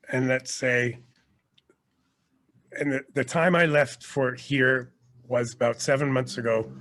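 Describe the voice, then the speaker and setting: Rambling, lively male storyteller. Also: medium pitch. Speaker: guest, actor and teacher. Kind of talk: casual podcast interview.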